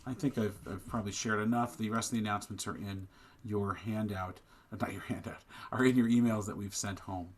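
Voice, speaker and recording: A man's voice: fairly low pitch, fairly even intonation, fairly quick. A man serving as rabbi, giving announcements conversationally and then preaching a sermon with growing passion. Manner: plain and conversational in announcements, rising to impassioned preaching. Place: synagogue service, streamed online.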